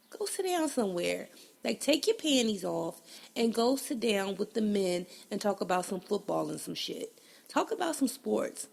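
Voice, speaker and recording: Gravelly, congested woman podcast host. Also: high voice. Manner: blunt, profane, laughing, animated. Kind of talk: casual solo podcast monologue.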